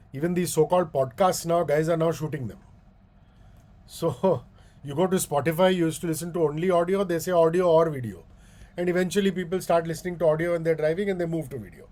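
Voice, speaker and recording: A man, a radio host giving a guest talk on speaking like a leader, animated, switching between slow, stressed phrases and quick asides. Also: fairly high pitch.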